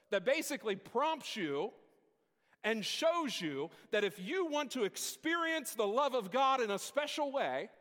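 A man preaching a sermon to a church congregation. He calls out questions for the congregation to answer and builds up to shouting. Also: high-pitched. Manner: preaching with call-and-response, rising to shouts. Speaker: pastor. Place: church sanctuary. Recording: long hall reverb in a church.

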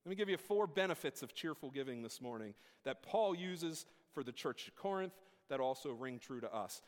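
A man preaching a sermon to a church congregation. He calls out questions for the congregation to answer and builds up to shouting. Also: mid-range voice, lively intonation, normal speed. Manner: preaching with call-and-response, rising to shouts. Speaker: pastor. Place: church sanctuary. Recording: long hall reverb in a church.

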